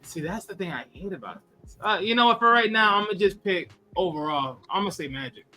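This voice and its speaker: A man's voice: high voice, lively intonation, brisk, pushed and bright. A man on a sports debate panel who holds firm to his own criteria. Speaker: panel guest.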